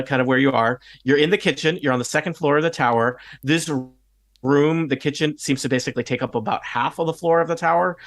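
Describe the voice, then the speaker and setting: Narrating a tabletop session as game master, this man speaks at medium pitch with no room sound. He sounds relaxed but hesitant, filling gaps with many fillers.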